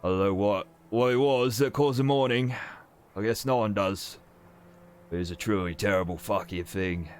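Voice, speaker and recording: A man's voice: on the low side, normal speed, a little hiss or hum, close to an everyday voice. A man voicing a blunt weary old soldier. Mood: somber. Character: weary male soldier veteran, blunt, swearing.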